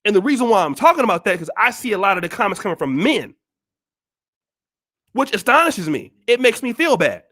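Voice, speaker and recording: Male vlog host, very high voice, preachy and forceful, tough-love rant. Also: sing-song, fairly quick. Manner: blunt, scolding, repeats rhetorical questions. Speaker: channel host. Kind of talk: blunt motivational monologue.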